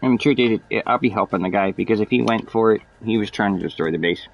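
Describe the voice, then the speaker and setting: Low, gravelly male streamer, loose profane play-by-play. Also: quick pace, highs cut off. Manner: rambling, profane, explains as he plays. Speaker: gameplay streamer. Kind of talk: casual gameplay commentary.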